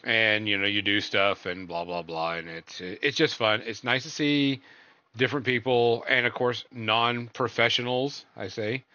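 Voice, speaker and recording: A man hosting a podcast, rambling through casual reviews with lots of ums and trailing remarks. His voice sits low but has a bright, forward edge. The audio is dry and slightly dull. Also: steady tone, unhurried, smooth, dry recording. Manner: rambling, filler-heavy, trails off quietly. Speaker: podcast host.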